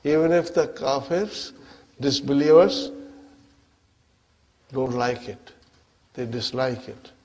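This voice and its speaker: A man's voice: mid-range voice, slow, long pauses, mellow. A man teaching an Arabic grammar lesson, switching between English and Arabic and often asking his class if they follow. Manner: questioning, checks understanding often.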